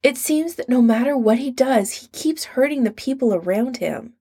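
A woman narrating a story in a measured storytelling manner. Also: sits high, lively intonation, dark tone, slightly rough. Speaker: audiobook narrator. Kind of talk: scripted narration.

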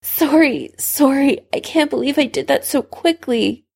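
A woman's voice: high voice, measured pace, gravelly, darkish tone, voice pushed up. Severus, a woman voicing a needy, impatient man. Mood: flustered. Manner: pleading, demanding. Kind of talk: fan fiction reading.

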